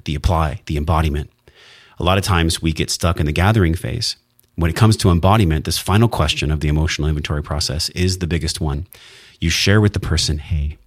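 A man's voice: low-pitched, no echo, clean studio sound. A man hosting a solo wellness podcast, talking in an earnest, heartfelt way and sometimes swearing for emphasis. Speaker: podcast host.

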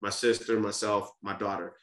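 A man's voice: on the low side, level tone, moderate pace, fairly bright tone. A man speaking as a podcast guest, telling a candid personal family story in an earnest, casual way, often restarting and repeating words. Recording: roomy echo.

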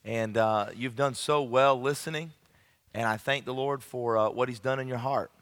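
A man preaching at a youth camp, telling a funny story from his childhood with lively, folksy emphasis. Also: mid-range voice, normal speed. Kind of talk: evangelistic sermon with humorous storytelling. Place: large camp meeting room. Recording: long hall reverb.

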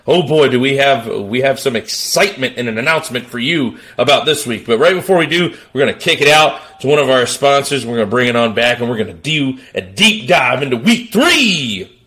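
A man hosting a sports talk podcast, hyped and theatrical, breaking into shouts. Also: mid-range voice, lively intonation, brisk. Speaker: podcast host.

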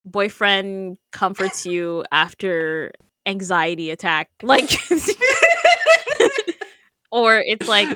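A woman's voice: mid-range voice, drawn-out words, very noisy. A young woman chatting casually on a podcast, laughing often and filling her talk with "like" and restarts. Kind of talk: casual chat.

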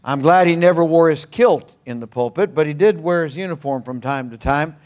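An older male pastor delivers a sermon in a folksy, earnest manner. He drops humorous asides between points. His voice sits slightly high for a man. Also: fairly quick, hardly any pauses, a little mellow.

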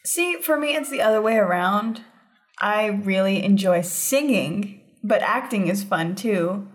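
A young woman chatting casually on a podcast, laughing often and reacting quickly. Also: medium pitch, expressive. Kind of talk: casual chat.

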